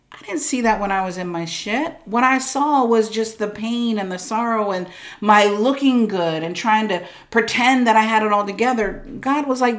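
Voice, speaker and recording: A woman guest in an interview, an entrepreneur and speaker, talking about her life in an emphatic, expressive way with many asides of "like" and "right?". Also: on the high side, moderate pace, few pauses. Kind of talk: candid interview storytelling.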